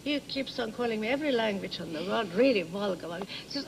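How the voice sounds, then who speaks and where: Older Hungarian-accented woman, talk show guest; gravelly, dramatic, broken English; faint noise. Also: on the high side, brisk, rough recording. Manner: theatrical, laughing storyteller with broken English phrasing. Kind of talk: animated anecdote telling. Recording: 1980s TV studio audio with background noise.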